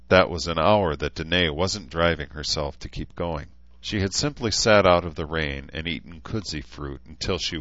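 A man reading a novel aloud as an audiobook narrator, steady and even. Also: low voice, no room sound. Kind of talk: scripted narration. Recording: dull, lo-fi, dry.

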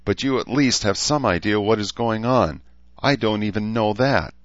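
A man's voice: lowish voice, moderate pace, dry recording, dull audio, pitched above the performer's own voice, natural voice. A man reading aloud, voicing an anxious, blunt young adult woman in an audiobook. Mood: exasperated. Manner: raised, strained, exasperated.

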